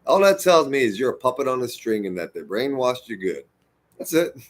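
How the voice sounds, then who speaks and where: A man from the United States talking straight to his viewers in a heated, profane monologue, swinging between loud outbursts and muttered asides. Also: medium pitch, very animated, a little fast. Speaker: vlogger. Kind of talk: impassioned monologue to camera.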